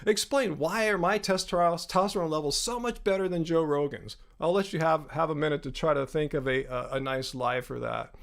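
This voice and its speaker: A man in his fifties runs a live stream Q&A and answers his chat directly. His voice sits fairly high for a man, and he talks in a combative, sarcastic way, often rambling and restarting his sentences. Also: moderate pace, creaky, few pauses. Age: 50s. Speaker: livestream host.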